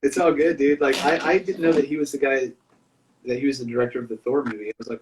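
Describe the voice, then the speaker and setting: A man's voice: mid-range voice, steady tone, quick pace, recorded from a distance, background noise. A man telling stories in a loose, rambling casual chat, full of "dude" and "man". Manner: rambling storyteller, lots of dude and man fillers.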